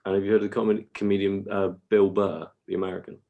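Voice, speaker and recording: A man's voice: sits low, flat delivery, rapid-fire, gravelly, phone-quality sound. A man co-hosting a podcast in casual chat, rambling and laughing as he tells stories. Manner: rambling, laughs while telling stories, slips into silly voices. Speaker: podcast co-host.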